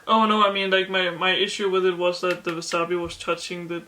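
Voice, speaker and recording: A woman's voice: on the low side, little pitch movement, fairly quick, sharp tone. A woman chatting and giggling with her friend over a meal at home. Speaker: co-host friend. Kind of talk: casual chat. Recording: noisy home recording.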